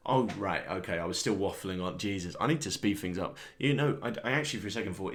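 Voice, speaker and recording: A man's voice: deep voice, fast talker. A man, a comedian, rambling through a sardonic, self-deprecating solo monologue and chuckling at his own jokes. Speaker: comedian host.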